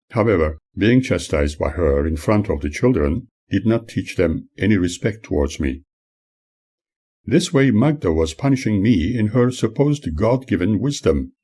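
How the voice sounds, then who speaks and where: A man reads his own memoir in an earnest, measured audiobook style. His voice sits very low and carries a husky grain throughout. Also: a little mellow. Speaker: author narrating his memoir.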